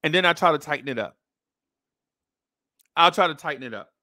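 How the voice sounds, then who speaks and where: A man's voice: on the high side, lively intonation, brisk, sharp tone, no echo, clean studio sound. A man hosting a podcast, delivering a blunt, mocking opinion rant full of slang. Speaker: podcast host.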